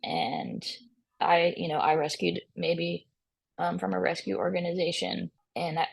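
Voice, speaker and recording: A woman's voice: fairly low pitch, gravelly, husky, dry recording. A woman musician as a podcast guest, chatting casually, with many fillers and restarts and frequent laughter. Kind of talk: casual interview chat.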